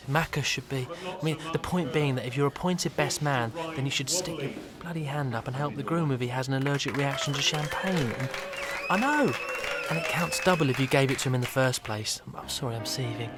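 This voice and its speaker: A man's voice: mid-range voice, fairly quick, over a noisy crowd, natural voice. An actor playing an awkward, rambling young Englishman at a wedding, talking in hesitant stammers and nervous laughs. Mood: bantering. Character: awkward rambling man at a wedding, fumbling and overeager. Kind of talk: radio comedy monologue.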